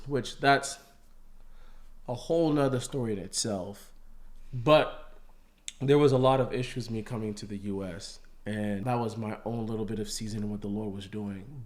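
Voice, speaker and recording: A man telling how he met his wife, earnest, and holding back tears as he speaks. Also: mid-range voice. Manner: earnest, softens to near-tearful quietness. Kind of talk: casual storytelling.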